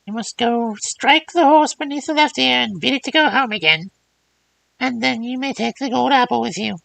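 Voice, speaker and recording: A woman voicing an old crone in a fairy tale, with a high, cracked voice. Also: moderate pace, creaky, fairly bright tone, rough recording. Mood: cryptic.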